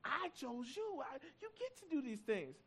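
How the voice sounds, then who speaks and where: A man's voice: very high-pitched, very animated, normal speed, a bit bright, voice pushed up, full character voice. A man voicing God as a reassuring male divine voice in a sermon, repeating short insistent lines.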